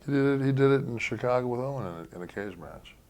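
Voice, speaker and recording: A man's voice: mid-range voice, lively intonation, fast, darkish tone, a little hiss or hum. A man telling stories as an interview guest, blunt and swearing freely. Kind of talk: casual storytelling interview.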